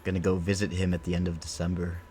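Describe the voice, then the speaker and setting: A man's voice: low-pitched, completely flat delivery, fast, dark tone, slightly rough. A young man from Illinois with a Midwestern, Ohio-leaning accent, chatting casually as a game streamer, rambling with lots of filler words. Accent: Midwestern American, Ohio-leaning. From Illinois, USA. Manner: rambling, filler-heavy, easygoing. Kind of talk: casual chat while streaming.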